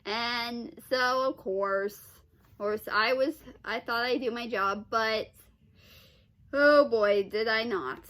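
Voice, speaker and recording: A woman's voice: a little high, slow pace, fairly bright tone. A woman vlogger telling a personal story in a casual, rambling way, full of restarts, sighs and exasperated "ugh"s.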